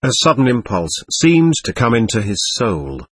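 A man narrating a novel as an audiobook, reading in an expressive, lively way. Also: mid-range voice, moderate pace, husky, no echo.

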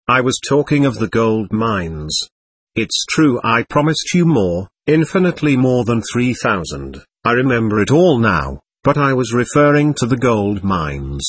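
A man's voice: mid-range voice, husky. A man voicing a flighty, effusive middle-aged society lady in a storybook reading, sweetly condescending.

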